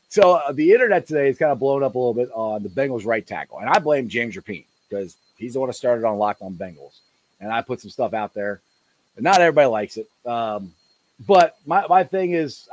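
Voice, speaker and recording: A man hosting a casual live-streamed sports podcast, laughing often and getting loud when excited. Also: mid-range voice, low-quality recording. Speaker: podcast host. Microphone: home desk mic.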